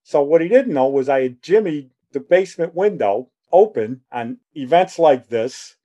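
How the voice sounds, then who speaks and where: A man's voice: fairly high pitch, lively intonation, normal speed, warm tone, dull audio. A man in his sixties telling a rambling personal story, acting out the dialogue as he goes.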